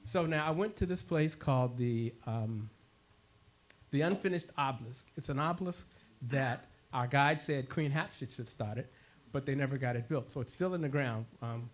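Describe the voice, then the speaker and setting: A man at a community worship gathering telling a story, animated and laughing, acting out both sides of a conversation. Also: medium pitch, normal speed. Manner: animated, laughing, acts out dialogue. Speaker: worship speaker. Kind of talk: storytelling talk to a congregation.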